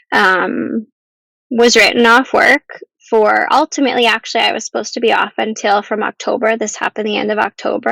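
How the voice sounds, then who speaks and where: Woman guest, earnest, halting, fairly high voice, gravelly, dry close sound. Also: a bit bright, dry recording, low-quality recording. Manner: earnest, halting, with restarts and ums. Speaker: podcast guest. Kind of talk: emotional personal story.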